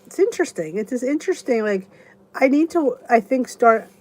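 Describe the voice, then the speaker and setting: Chatty woman in her fifties, slightly high voice. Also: expressive, moderate pace, a little mellow. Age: 50s. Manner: rambling and chatty, many restarts. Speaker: YouTube channel host. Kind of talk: casual live-stream chat, reading viewer comments.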